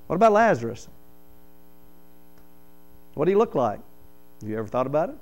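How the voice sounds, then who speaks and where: A man, a pastor preaching a sermon in church, reading scripture aloud and explaining it with animated stories. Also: mid-range voice, rapid-fire, lo-fi sound. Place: church sanctuary.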